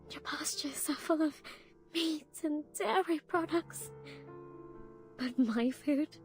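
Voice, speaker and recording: A woman's voice: high voice, takes it slowly, soft background music. A woman voicing a frightened, ever-hungry young woman who pleads for her life in a game. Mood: hungry, wistful. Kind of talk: game voice acting.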